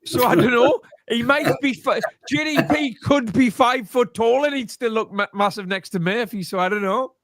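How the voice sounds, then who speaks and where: High-voiced man, dry banter. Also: normal speed, few pauses, fairly bright tone, a little hiss or hum. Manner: dry joking, swearing. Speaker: co-host. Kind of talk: casual chat.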